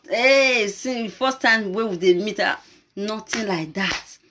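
Female talk host, Nigerian Pidgin accent, unhurried and animated, laughs through her storytelling. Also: mid-range voice, slight background noise. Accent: Nigerian Pidgin English. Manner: animated, laughing storyteller who switches between English and Pidgin. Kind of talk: storytelling to camera.

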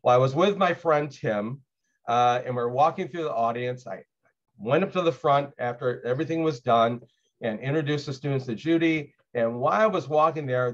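Man lecturing over dull lo-fi audio. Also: mid-range voice. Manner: conversational, frequent "uh" fillers. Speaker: LGBTQ+ lecturer. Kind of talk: personal storytelling lecture. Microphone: video call.

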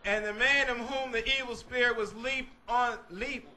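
Man, scripture reader, sharp voice, steady read-aloud delivery. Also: very high voice, moderate pace.

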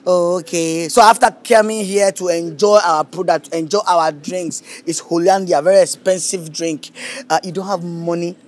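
A man's voice: high voice, steady tone, normal speed, few pauses, soft background music. A man with a Nigerian English accent playing a bar manager in a comedy skit, mocking and laughing as he talks. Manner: mocking, laughing, mixes pidgin-flavoured phrases.

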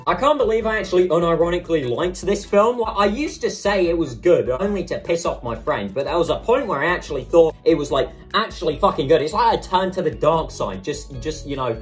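A man's voice: a little high, expressive, brisk, hardly any pauses, soft background music. A young man hosting a comedic reaction video, with crude, sarcastic, rambling commentary.

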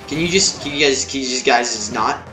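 A young man commentating his own gameplay, swearing, yelling and muttering at the game. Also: mid-range voice, a little fast, echoey room, loud music behind the voice. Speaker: let's play gamer.

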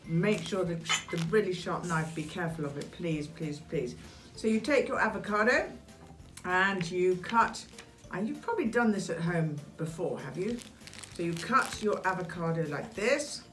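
An Englishwoman in her sixties with a British accent leads a children's craft story time, calling out to the kids in an animated, sing-song way. Her voice sits a little low for a woman, and soft music plays behind her. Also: normal speed. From England. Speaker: children's show host.

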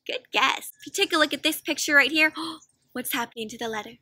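A woman reading aloud to children with a high, very bright voice, animated and full of questions to her young listeners. The recording is close and dry, with no room sound at all. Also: a little fast, dry recording. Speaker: children's storyteller. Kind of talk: interactive read-aloud for kids.

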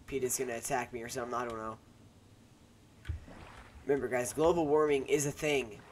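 A man's voice: mid-range voice, fairly even intonation, fairly quick. Rambling young man on a headset. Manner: rambling, self-deprecating, joking asides. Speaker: gaming YouTuber. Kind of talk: casual gameplay commentary. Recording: noisy home recording with keyboard clicks.

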